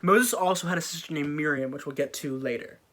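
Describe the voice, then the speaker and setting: A man's voice: a little high, brisk, sharp tone. Slangy man telling a comic story. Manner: slangy, jokey, offhand asides.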